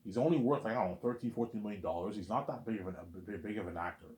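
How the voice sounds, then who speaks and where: A man with a low voice rambles through a casual vlog monologue, circling back on his points and leaning on the same stock phrases. His voice rings off the walls of an echoey room. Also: racing, darkish tone. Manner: rambling and repetitive, lots of "obviously" and "you know what I'm saying". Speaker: vlogger. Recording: roomy echo.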